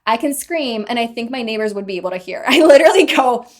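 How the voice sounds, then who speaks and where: Young woman vlogger, casual storytime, animated and self-deprecating, a little high-pitched. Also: fast talker. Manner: chatty, animated, often laughing, self-deprecating.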